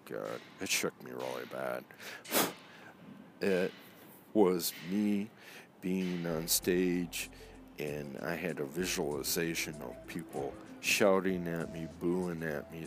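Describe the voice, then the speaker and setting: His voice sits low as he animatedly recounts something that happened to him, slipping into impressions of whoever he's quoting in a relaxed, offhand way.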